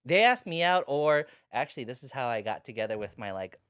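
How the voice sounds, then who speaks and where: A woman who is a guest comedian, telling rambling personal stories with deadpan jokes in a casual chat. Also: very deep voice, brisk, clean tone, no room sound, studio quality.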